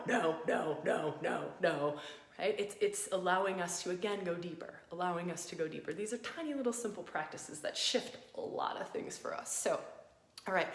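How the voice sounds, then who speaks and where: A woman with a lowish voice leads a live spiritual practice, speaking gently and invitingly. She often repeats her phrases for emphasis. Her voice rings in a roomy, echoing space. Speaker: astrology and embodiment teacher. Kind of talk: guided practice talk to a live audience. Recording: roomy echo.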